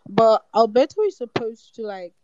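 A woman stepping into an online argument to mediate, calm and conciliatory. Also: a little high, moderate pace, no room sound, muffled recording.

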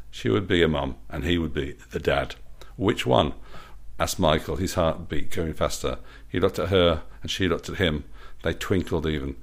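A man reading aloud his own playful story, with a self-amused manner. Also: very deep voice.

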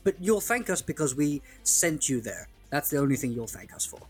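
A man's voice: a little high, very animated, brisk, breathy edge, faint music behind. A man co-hosting a casual podcast, playful and teasing toward his partner. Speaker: podcast co-host.

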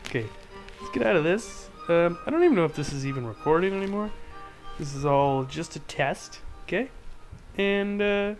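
A man's voice: high-pitched, lively intonation, normal speed, low-quality recording. Male host, loose sarcastic rambler, thinks aloud with lots of restarts, faint music underneath. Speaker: podcast host. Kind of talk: casual rant about news.

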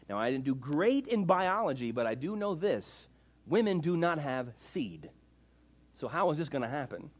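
A man preaching a sermon in a casual, emphatic way, full of rhetorical questions. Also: medium pitch. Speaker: pastor.

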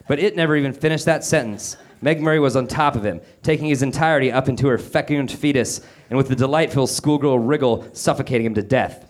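A man's voice: medium pitch, fast talker, hardly any pauses. A man comedian reading a mock-literary story straight-faced on a comedy theater stage. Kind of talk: deadpan comic reading to a live audience.

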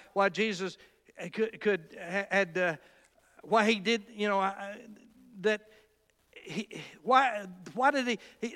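A man's voice: fairly bright tone, clear, resonant tone. A man preaching a sermon with passion, climbing to emphatic peaks and often stopping to restart his phrases. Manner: impassioned, rising to high emphatic peaks with halting restarts. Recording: echoey hall with long reverb.

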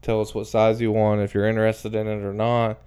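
A man's voice: lowish voice, completely flat delivery, a little fast, darkish tone, clear, resonant tone. A man co-hosting a casual podcast, talking bluntly with crude slang and frequent laughter. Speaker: podcast co-host. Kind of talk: casual chat.

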